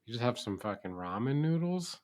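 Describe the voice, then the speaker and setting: A man's voice: mid-range voice, big pitch swings, a little fast, a little mellow. A man co-hosting a podcast in casual chat, talkative, swearing offhandedly and packing his sentences with "like". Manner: chatty, swears, many "like" fillers. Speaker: podcast co-host.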